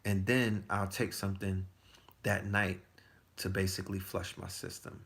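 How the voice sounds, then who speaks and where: A man's voice: sits low, flat delivery, a little slow, vocal fry, a bit bright. A man in his forties telling stories in a loose, profane casual chat, full of restarts. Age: 40s. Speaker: podcast guest. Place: Texas.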